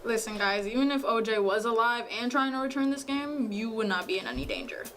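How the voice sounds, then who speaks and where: A woman's voice: on the high side, a little fast, close to an everyday voice. A woman voicing a strict store manager in a cartoon, curt and dismissive. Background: music.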